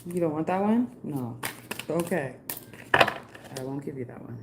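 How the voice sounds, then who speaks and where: A woman's voice: deep voice, animated, unhurried, very noisy. A woman giving a chatty, rambling live-stream card reading, passing on messages from spirits. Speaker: psychic card reader.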